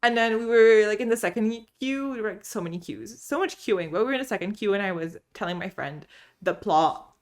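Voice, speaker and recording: A chatty woman vlogging about books from home. She talks casually, bubbly and animated, telling stories and laughing easily. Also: mid-range voice, fairly quick. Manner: animated storyteller. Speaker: book vlogger. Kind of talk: casual chat.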